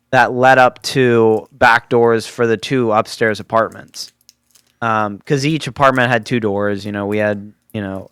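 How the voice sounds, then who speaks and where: A man's voice: medium pitch, fairly bright tone, smooth, no echo. A man in his twenties telling a rambling story on a podcast, full of fillers and laughing asides. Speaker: podcast host. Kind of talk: casual storytelling.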